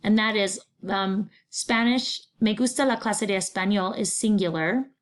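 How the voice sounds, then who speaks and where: A woman's voice: mid-range voice, moderate pace. A middle-aged woman teaching a recorded grammar lesson in an upbeat, chatty way with playful asides. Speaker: Spanish teacher.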